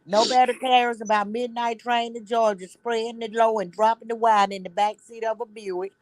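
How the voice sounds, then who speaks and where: A woman's voice: fairly high pitch, flat delivery, moderate pace, dry recording. A woman, a guest on a casual video-call chat, ranting in a blunt, sassy way.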